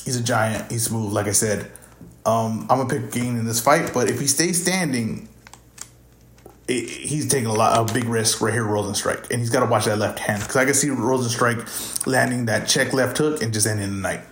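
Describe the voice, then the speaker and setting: A man's voice: medium pitch, moderate pace, a little hiss or hum. A man hosting a podcast, casually talking through his fight predictions and thinking aloud as he goes. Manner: offhand, thinking aloud, stumbles over fighter names. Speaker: podcast host. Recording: roomy echo.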